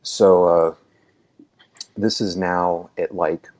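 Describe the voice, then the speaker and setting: A man with a very low, deep voice tells a long story in a relaxed podcast chat. He rambles, restarts his sentences and fills the gaps with "um"s, then slips into the voices of the people in the story. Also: drawn-out words. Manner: rambling, filler-heavy, acts out quoted dialogue. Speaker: EMT telling his story.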